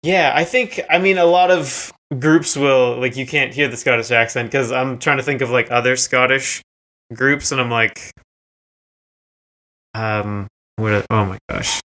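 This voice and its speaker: A man's voice: medium pitch, measured pace, pushed and bright. A man co-hosting a music podcast, chatting casually, rambling with lots of likes and ums. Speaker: podcast co-host.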